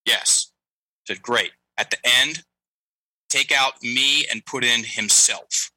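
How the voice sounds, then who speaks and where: A man's voice: mid-range voice, takes it slowly, sharp tone, dry recording, low-quality recording. A middle-aged man telling a story as a coaching guest, animatedly acting out the lines of the people in it. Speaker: guest, breathing and language coach. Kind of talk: storytelling interview talk.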